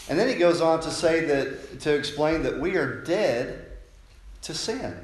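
A man's voice: a little high, animated, a little slow. A man preaching a sermon in a conversational style, often checking in with listeners. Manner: conversational preaching, frequent "right?" tag questions. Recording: echoey room, faint noise.

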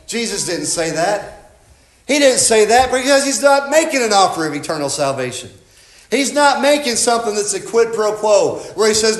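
Impassioned high-voiced preacher man. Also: echoey room. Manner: impassioned, swinging from loud cries to hushed tones. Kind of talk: sermon.

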